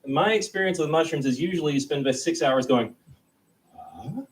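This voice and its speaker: A young man doing a stand-up comedy set, rambling and self-deprecating, and breaking into quick, high-pitched voices for the characters in his stories. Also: far from the mic, poor audio. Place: comedy club stage.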